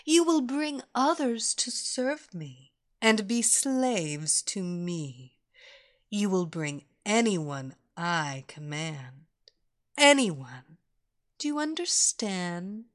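A woman's voice: medium pitch, lively intonation. A woman doing a commanding hypnotist. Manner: slow, commanding, half-whispered.

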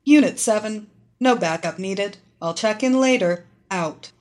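A woman voicing a brisk, commanding female police officer who barks clipped orders. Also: medium pitch, natural voice. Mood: stern. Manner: loud, clipped, authoritative.

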